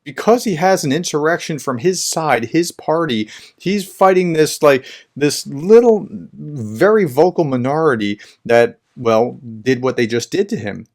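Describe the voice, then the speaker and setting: A man's voice: fairly high pitch, lively intonation, measured pace. A man giving casual, rambling political commentary between clips, often restarting his sentences.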